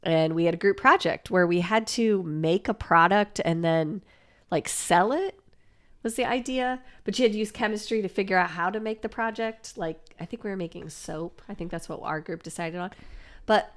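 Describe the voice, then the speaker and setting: A woman co-hosting a podcast, chatting casually and telling a lively anecdote, acting out the voices of the people in it. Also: medium pitch, normal speed. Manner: animated storyteller acting out quoted voices. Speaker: podcast co-host. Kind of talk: casual chat, storytelling.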